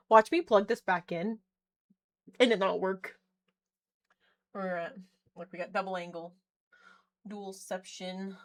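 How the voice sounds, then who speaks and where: A young woman chatting casually on a live stream from her bedroom, excitable, swearing and trailing off mid-sentence. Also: mid-range voice, slow, pauses often, no room sound. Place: home bedroom.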